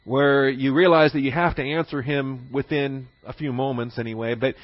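A man's voice: medium pitch, fairly even intonation, moderate pace, no echo, muffled recording. Man teaching Bible, repeating for emphasis. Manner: repeats key phrases for emphasis; poses rhetorical questions.

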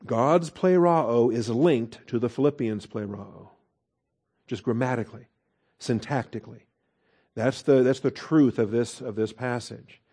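A man teaches scripture verse by verse in a mellow, darker voice. He keeps asking his listeners questions and slows down to stress key words. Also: medium pitch, slightly rough. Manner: asks rhetorical questions, stresses words slowly. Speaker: Bible teacher. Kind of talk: expository Bible teaching.

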